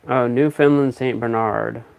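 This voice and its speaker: A man talks in a loose, rambling casual chat, thinking out loud as he goes. His voice has a gravelly edge and sits at an ordinary pitch for a man. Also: unhurried. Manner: rambling, relaxed, thinks aloud.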